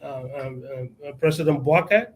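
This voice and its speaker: A man's voice: on the high side, animated, moderate pace, slight background noise, rough recording. A man with a Liberian accent speaking as a guest on a talk show, passionate and emphatic, often repeating words as he searches for them. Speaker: guest advocate. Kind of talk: impassioned talk-show interview.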